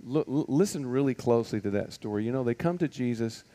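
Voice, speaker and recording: Man, Bible teacher, relaxed warm tone, chatty, rhetorical questions, frequent ums and uhs. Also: mid-range voice, fast. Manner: conversational, full of rhetorical questions and fillers. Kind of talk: casual Bible teaching to a group.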